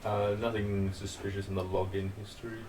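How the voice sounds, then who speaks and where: A man's voice: low-pitched, monotone, brisk, darkish tone. A man giving short, dry replies to a streamer. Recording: distant from the mic, with crowd noise.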